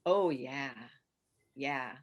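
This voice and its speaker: Older woman, low-pitched voice, podcast guest, casual chatty storytelling, frequent restarts, laughs easily. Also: drawn-out words, dull audio. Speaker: guest actress. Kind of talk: casual podcast interview chat.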